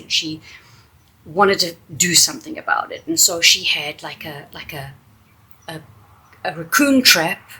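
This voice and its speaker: A woman telling a funny personal story in a chatty, animated way. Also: on the low side, husky, poor audio. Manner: chatty, animated, with fillers and restarts. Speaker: storyteller and English teacher. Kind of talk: casual storytelling.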